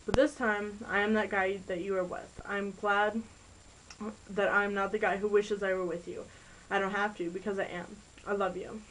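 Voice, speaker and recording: A woman's voice: medium pitch, little pitch movement, moderate pace, fairly bright tone, slight background noise, close to an everyday voice, low-quality recording. A woman voicing a sweet, devoted teenage boyfriend, read in an earnest, apologetic way. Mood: tender.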